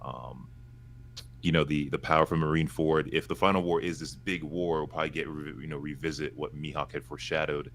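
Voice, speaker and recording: A man with a very deep voice, a guest laying out his predictions at length in a casual online discussion. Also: steady tone, a little fast, a bit bright, a little hiss or hum. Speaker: podcast guest.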